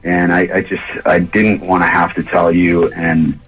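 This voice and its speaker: A man on a radio phone call, talking in a halting, stammering, apologetic way. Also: low-pitched, flat delivery, a bit bright, breathy edge, faint music behind. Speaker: caller.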